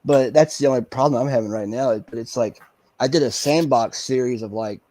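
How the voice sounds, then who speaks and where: A man speaks as a podcast guest in a mid-pitched voice. He talks haltingly and stops to search for words while he explains. The recording is dry, with no room sound. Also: a little mellow, no room sound. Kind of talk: casual chat.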